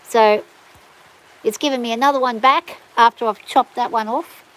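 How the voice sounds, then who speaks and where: Fairly high-pitched and fairly bright, her voice moves at a moderate pace with fairly even intonation, captured in a low-quality recording. She's a middle-aged woman with an Australian bush accent, casually chatting and rambling to livestream viewers from her farm, outdoors in the rain.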